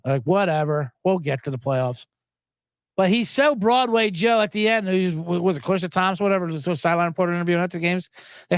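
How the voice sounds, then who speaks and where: A man's voice: high voice, quick pace, dry recording, clean studio sound. A man hosting a sports show in casual, joking, rambling talk. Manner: animated, jokey, rambling.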